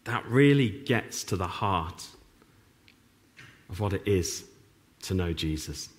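Middle-aged pastor, animated sermon delivery, wry sarcastic asides. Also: male voice, sits low, slow, pauses often. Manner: wry, self-mocking humor with sarcastic asides.

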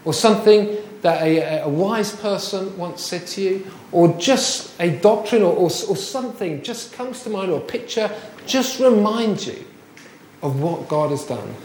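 A man's voice: sits high, normal speed, darkish tone, roomy sound, slight background noise. A man preaching a sermon, chatty and full of rhetorical questions. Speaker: pastor.

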